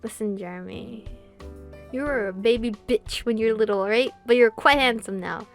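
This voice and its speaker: A young woman streamer reading a visual novel aloud, with giggly, excitable reactions. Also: fairly high pitch, normal speed, creaky. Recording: faint game music behind.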